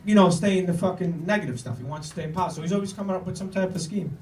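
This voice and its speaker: A man's voice: sits high, very fast, noisy background. A man telling a long, profane comic story on stage, rambling and laughing as he goes. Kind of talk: live comedic storytelling. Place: live comedy show before an audience. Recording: echoey room, distant mic, crowd.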